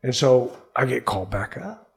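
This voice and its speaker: A man's voice: mid-range voice, lively intonation, normal speed. A man from Texas, an interview guest and former pro baseball player, telling a personal faith story in an earnest, emotional way. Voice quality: gravelly, husky. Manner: earnest, emotional, acts out quoted voices. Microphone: studio mic.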